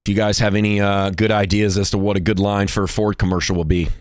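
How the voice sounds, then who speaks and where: A man's voice: fairly low pitch, flat delivery, fast, no echo, clean studio sound. Jokey man rambling on a live stream. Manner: jokey and rambling, laughs often, restarts words. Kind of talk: casual live-stream chat.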